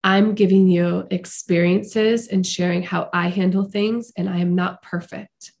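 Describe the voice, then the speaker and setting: A middle-aged woman hosting a podcast, speaking slowly and earnestly in a heartfelt, reflective motivational monologue. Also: fairly low pitch, little pitch movement, vocal fry, darkish tone. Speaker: podcast host.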